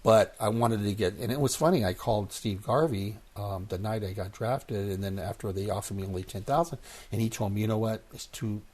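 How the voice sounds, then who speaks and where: Husky-voiced man in his sixties. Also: lowish voice, fairly quick. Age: 60s. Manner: animated storyteller who acts out quoted voices. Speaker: guest, former baseball player. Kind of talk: casual storytelling interview.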